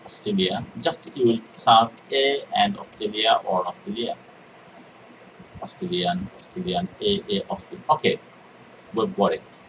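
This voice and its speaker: A man's voice: medium pitch, recorded from a distance, a little hiss or hum, rough recording. A man teaching an exam reading lecture, repeating key words and answering his own questions. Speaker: IELTS teacher. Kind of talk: recorded exam-prep lecture.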